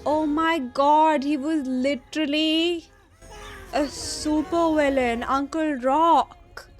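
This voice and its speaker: A woman's voice: high voice, fairly even intonation, slow, faint music behind. A young woman hosting an anime reaction, talking casually and with exasperation to her viewers and swearing now and then.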